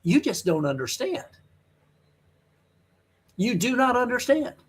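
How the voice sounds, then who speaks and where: A man's voice: very high voice, very animated, slow, slightly rough. A man giving an online teaching sermon, emphatic, blunt and scolding as he presses his point. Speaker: Bible teacher.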